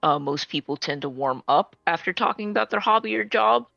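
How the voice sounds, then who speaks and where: A man's voice: high voice, animated, fairly quick, vocal fry, pushed and bright, no room sound, lo-fi sound, faint music behind. A man playing a tabletop role-playing game, hesitant and starting lines with filler sounds. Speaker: player.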